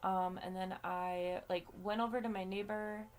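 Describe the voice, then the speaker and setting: A woman's voice: medium pitch, fairly even intonation, moderate pace, slight background noise. A woman hosting her own vlog, telling a personal story in a casual, rambling way with frequent swearing and fillers. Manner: chatty, swears freely, many fillers. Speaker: vlog host.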